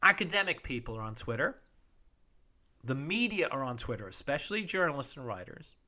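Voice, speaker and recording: A middle-aged podcast host delivers a casual news roundup monologue, wry and irreverent, swearing freely and acting out quotes. His mid-range voice is sing-song and sharp in tone, and he talks fairly quickly.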